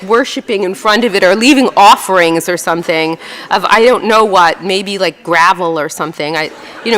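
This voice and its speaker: A woman, an author telling chatty, self-mocking stories to an audience and trying on quick voices for people she describes. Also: medium pitch, a bit bright, big-room sound, slight background noise. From New York. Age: 60s. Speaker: author giving a talk. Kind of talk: storytelling talk with slides and a reading. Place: event hall before an audience.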